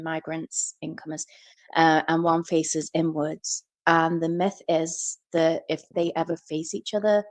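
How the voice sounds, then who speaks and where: A woman from Liverpool with a softened Scouse accent, co-hosting a podcast and telling stories in casual chat. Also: low-pitched. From Liverpool, England. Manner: animated storyteller. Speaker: podcast co-host.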